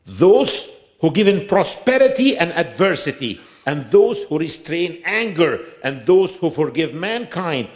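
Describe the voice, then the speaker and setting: An emphatic male preacher delivers a sermon in a mosque, his pitch pitched a little high and swinging widely from line to line. He drives points home with rhetorical questions and rushes through scripture recitations. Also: sing-song. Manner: emphatic, rhetorical questions, recites Quran verses quickly in Arabic.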